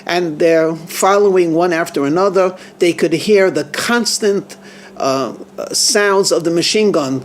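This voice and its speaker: A rabbi with a high voice tells a story in an earnest, halting way, often repeating himself as he searches for his words. A faint hum runs under the recording the whole time. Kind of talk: storytelling sermon.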